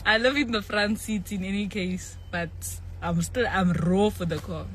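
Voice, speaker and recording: A woman's voice: medium pitch, normal speed, fairly bright tone. A young woman from South Africa chatting casually, giggly and playful, laughing often. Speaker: reality TV personality. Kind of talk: casual chat.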